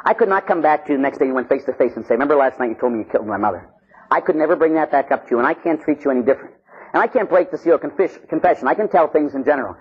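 Intense, husky-voiced priest preaching. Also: male voice, fairly high pitch, animated, very fast, highs cut off. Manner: intense, swinging between loud pleading and hushed tones. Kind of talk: sermon.

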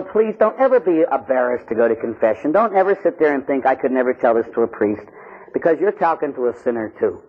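A male Catholic priest from Pittsburgh giving a blunt, animated preaching talk with joking asides. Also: medium pitch. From Pittsburgh, USA. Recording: dull lo-fi recording.

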